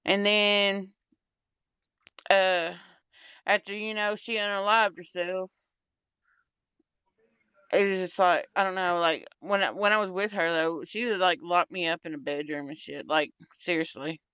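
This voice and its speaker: A woman's voice: lowish voice, fairly even intonation, unhurried, long pauses, a bit bright, smooth, dry recording, lo-fi sound. A young woman in casual, candid chat, blunt and rambling, swearing a lot. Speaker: podcast co-host.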